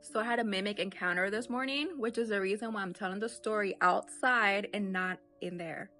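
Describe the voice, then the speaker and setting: A woman's voice: mid-range voice, a little fast, bright, forceful tone. A woman outdoors telling a personal encounter in a conversational way, with many fillers. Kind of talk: personal storytelling.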